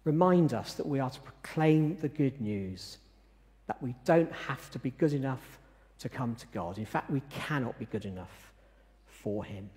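A man preaching a sermon in a measured, emphatic way, pausing often to stress his words. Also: medium pitch, lively intonation, darkish tone. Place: church. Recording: reverberant church sanctuary.

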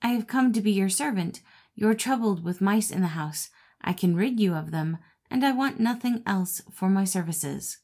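A woman's voice: mid-range voice, expressive, moderate pace, mellow. Woman playing a sly, smug storybook cat. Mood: eager. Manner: purring, smug. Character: sly, peevish female cat.

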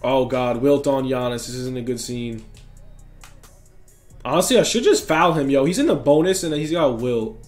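A young man giving excited, trash-talking commentary over his own basketball video game play. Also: medium pitch, moderate pace, faint music behind. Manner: hyped, trash-talking, reacts loudly to every play. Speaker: gaming YouTuber.

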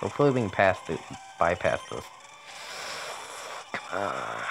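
Low-voiced joking gamer guy. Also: sing-song, measured pace, gravelly, long pauses, background noise. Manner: joking, profane, talks to the game. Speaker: video game streamer. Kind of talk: casual gameplay commentary.

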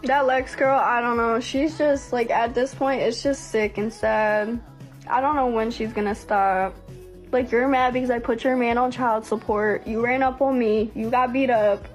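Young woman, livestream host, blunt, heated, profane, fairly high voice, faint music behind. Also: fairly even intonation, moderate pace. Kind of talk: casual livestream venting.

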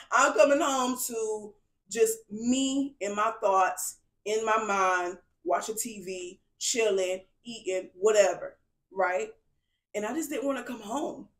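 A young adult woman hosting her own podcast, talking candidly and emphatically to listeners, checking in with "okay?" and "y'all" as she confides her story. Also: medium pitch. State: tearful at moments. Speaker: podcast host. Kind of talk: candid solo podcast monologue. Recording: roomy echo.

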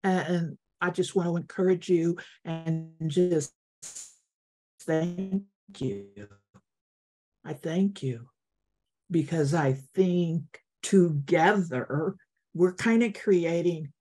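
Slow, earnest older woman speaker. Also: lowish voice, breathy edge. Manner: slow, earnest, encouraging, with repeated phrases. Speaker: guest speaker. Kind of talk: heartfelt talk to an online meditation group. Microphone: video call.

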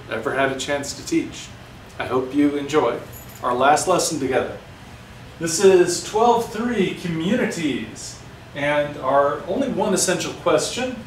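Upbeat male teacher in an echoey room. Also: a little high. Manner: encouraging, chatty teacher talk. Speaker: seventh grade science teacher. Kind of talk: recorded video lesson. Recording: echoey room, mic far off, faint hiss.

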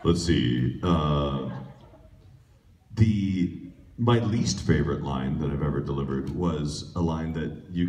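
A man's voice: very deep voice, darkish tone. A man, a voice actor, talking casually and jokingly on a convention panel, rambling with lots of fillers. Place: large convention room. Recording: echoey hall recorded from far off.

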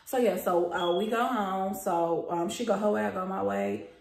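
A woman's voice: mid-range voice, expressive, normal speed, a little mellow. A young woman vlogger telling a story in casual chat, talking straight to her viewers and swearing freely. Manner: chatty and profane, addresses viewers as y'all. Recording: roomy echo.

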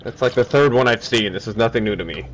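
A man's voice: mid-range voice, fast talker, noisy background. A man streaming a co-op game, chatting casually, swearing and laughing often. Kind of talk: casual co-op gameplay chat.

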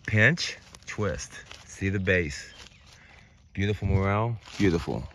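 A man vlogging outdoors in the woods, rambling excitedly and joking as he goes. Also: low-pitched, slow pace. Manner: excited, rambling, talks to mushrooms playfully. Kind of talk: casual outdoor vlog narration.

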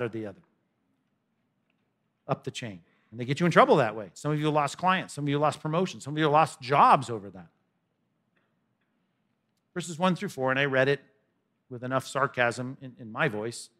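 A man's voice: on the high side, fairly bright tone. A man preaching a sermon in a conversational style, with humorous asides. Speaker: pastor.

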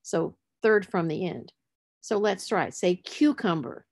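Woman literacy instructor, lower voice, patient explanatory lecture delivery. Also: a little slow, gravelly, a little mellow. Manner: explanatory, spells out letters, stresses words for emphasis. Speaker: literacy teacher. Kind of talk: presenting a lecture on word structure.

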